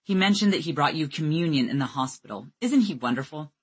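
A woman voicing an upbeat, chatty church volunteer mom in a bright, gushing manner while reading an audiobook memoir. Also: low-pitched, animated, quick pace, breathy edge.

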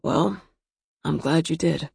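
A woman's voice: sits low, takes it slowly, gravelly, darkish tone, husky, no echo, full character voice. A woman voicing a guarded young male war veteran who banters dryly, in an audiobook. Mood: teasing. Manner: dry, wry banter.

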